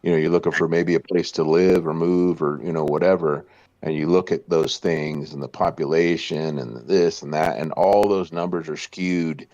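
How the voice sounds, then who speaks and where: Brief: man, very low voice, laid-back casual chatter, muffled dry lo-fi recording. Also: fairly even intonation, moderate pace, a little mellow, no room sound. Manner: laid-back, says "dude" and "you know" often. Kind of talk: casual chat. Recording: dull dry lo-fi sound.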